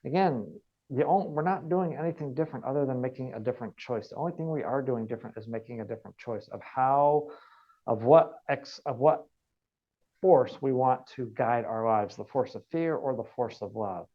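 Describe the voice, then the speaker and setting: A man's voice: mid-range voice, normal speed, highs cut off. A man giving an online wellness training, earnest and repeating key points for emphasis. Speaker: wellness coach.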